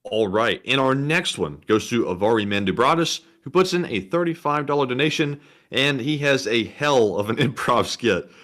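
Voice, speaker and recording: Man, stream co-host, easygoing, reads donations aloud, middle pitch. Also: animated, moderate pace, fairly bright tone. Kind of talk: casual stream chat.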